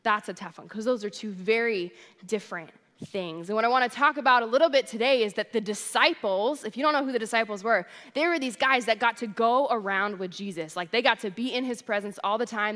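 A woman's voice: fairly high pitch, brisk, a bit bright, long reverb tail. A young adult woman, a worship director, giving a sermon in a chatty storytelling way. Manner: chatty storytelling, addresses crowd as "you guys". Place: church hall.

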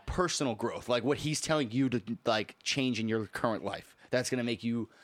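A man's voice: mid-range voice, moderate pace, no echo. A young man hosting a podcast, talking loosely with lots of fillers, frequent laughs and swearing. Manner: rambling, many fillers, laughs often, swears. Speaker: podcast host. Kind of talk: casual chat.

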